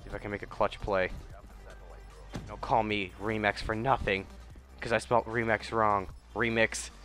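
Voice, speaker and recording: A young man with a slightly low voice narrates his own gameplay in a loose, rambling way. His talk drifts between topics, then he breaks into sudden profane jabs at other players. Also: flat delivery, moderate pace, pushed and bright, faint music behind. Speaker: gaming YouTuber and streamer. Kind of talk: casual gameplay commentary.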